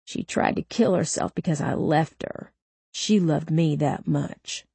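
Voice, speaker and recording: Audiobook story. A woman reads a sneering, crude young man in a police interrogation, snarling insults in a slow, fairly low voice with a dry, close sound. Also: animated, darkish tone, no echo. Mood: sullen. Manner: snarling and crude, turning whiny and panicked when hurt. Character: angry sneering young male suspect under interrogation.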